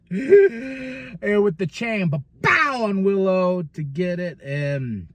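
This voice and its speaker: A man hosting a podcast, recapping wrestling in a casual monologue, laughing often and slipping into quick mock voices when he quotes people. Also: high voice, animated, no room sound. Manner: laughs often, stumbles and restarts.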